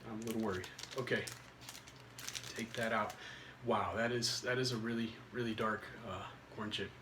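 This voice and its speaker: A man's voice: fairly low pitch, fairly even intonation, recorded from a distance, noisy background. Hesitant man hosting a video review. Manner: halting, hesitant delivery with many pauses. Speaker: food reviewer and channel host. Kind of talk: casual video commentary.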